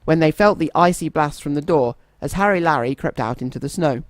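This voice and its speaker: A man reading a children's story aloud in a gentle, expressive storytelling manner. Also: fairly high pitch, brisk, no room sound.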